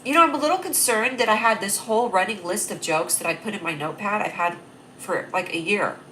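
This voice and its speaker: A woman's voice: mid-range voice, fairly quick, a bit bright, a little hiss or hum. A young woman hosting a casual livestream, bubbly and rambling, laughing at her own jokes. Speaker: livestream host.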